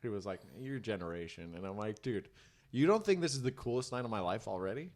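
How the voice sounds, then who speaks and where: A man's voice: medium pitch, fast. A man co-hosting a comedy podcast, telling a stand-up story in casual, swearing chat and acting out voices. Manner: animated storyteller, acts out crowd voices, swears freely.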